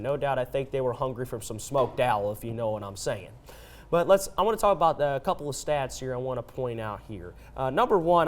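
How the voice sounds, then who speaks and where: A young man giving sports analysis on a news desk, energetic and chatty, joking and restarting his sentences. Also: mid-range voice.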